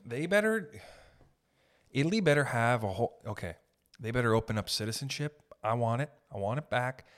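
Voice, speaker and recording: A man from Canada hosting a podcast, delivering a heated, profane rant and slipping in quick acted quotes of other people. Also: medium pitch. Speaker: podcast host. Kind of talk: ranting podcast monologue.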